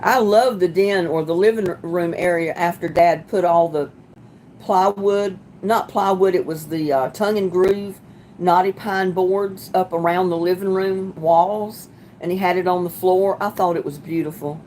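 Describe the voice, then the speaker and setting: A woman hosting a casual livestream, chatting with viewers as she reads their comments, sympathetic and quick to laugh. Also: lowish voice, steady tone, a little mellow, a little hiss or hum. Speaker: livestream host.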